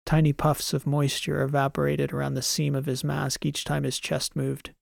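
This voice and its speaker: A man reading a science fiction story as an audiobook narrator, in a measured, even way. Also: on the high side, creaky, dry recording, studio quality. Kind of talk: scripted narration.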